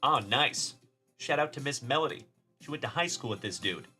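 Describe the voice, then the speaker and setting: A man from Texas runs a casual live stream of card pack openings, calling out players and thanking viewers by name. His voice is bright and forceful, with mid-range pitch. Faint music plays behind him. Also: expressive, normal speed. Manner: upbeat, shouting out chat viewers by name. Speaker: card-breaking livestream host.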